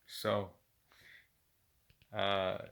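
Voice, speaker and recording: A man's voice: low-pitched, very slow, creaky. A middle-aged man casually telling work stories, swearing constantly and often breaking into laughter. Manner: profane, laughing often, animated retelling. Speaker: storyteller. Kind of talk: casual storytelling.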